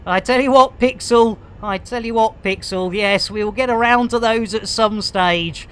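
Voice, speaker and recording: A woman's voice: fairly high pitch, normal speed, a little hiss or hum. A woman doing live game-stream commentary in playful, punning patter, laughing often and addressing viewers like a showman. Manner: showman-like addresses to "ladies and gentlemen".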